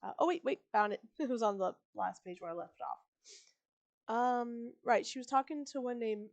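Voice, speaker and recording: A woman reading a book aloud on a live stream, pausing for chatty, digressive asides and correcting her own slips. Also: fairly high pitch, creaky. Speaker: live-stream story reader.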